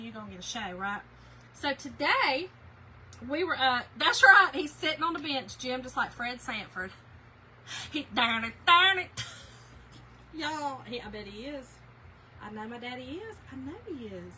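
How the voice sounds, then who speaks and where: Lively, bright-voiced woman. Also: high voice, normal speed, a little hiss or hum, poor audio. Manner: animated, laughing, talks straight to viewers. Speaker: craft segment host. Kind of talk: chatty livestream storytelling.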